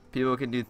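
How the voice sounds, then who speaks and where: A teenage man giving casual reaction commentary on videos as a YouTuber, excitable and laughing often as he cheers on the clips. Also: mid-range voice. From United States. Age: teens.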